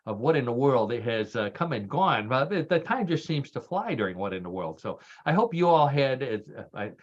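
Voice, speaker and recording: A man's voice: mid-range voice, sing-song, a little fast, dull audio. A man with a Texas accent hosting a casual radio show. He jokes and laughs often and restarts with "uh". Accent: Texan. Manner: chatty and jokey, laughs often, with frequent "uh" restarts. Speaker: show host. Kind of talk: casual radio chat, hosting a news quiz.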